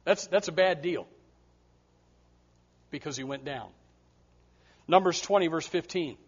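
A man preaching a sermon, emphatic, swinging between loud passages and hushed ones. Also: a little high, unhurried. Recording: muffled lo-fi sound.

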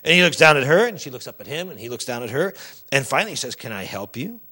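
Animated, bright-voiced male preacher. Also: medium pitch, racing, slightly rough. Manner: emphatic, animated, addresses the congregation directly. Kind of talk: sermon.

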